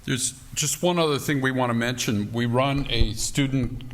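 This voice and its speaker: A man making an announcement at a student assembly, halting with many fillers. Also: mid-range voice. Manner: halting, filler-heavy talk.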